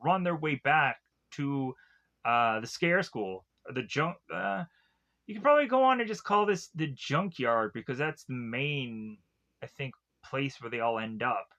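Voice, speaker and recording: Rambling man with a bright voice. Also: medium pitch, animated, unhurried, lo-fi sound. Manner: rambling, heavy filler words. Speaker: cartoon reviewer. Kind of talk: casual episode recap.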